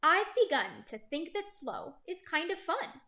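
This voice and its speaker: A woman's voice: very high-pitched, big pitch swings, unhurried, sharp tone, voice pushed up, exaggerated voice. A woman voicing an eager, boastful female race car in a picture book read-aloud. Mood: curious. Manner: bubbly, boastful, pleading. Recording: roomy echo.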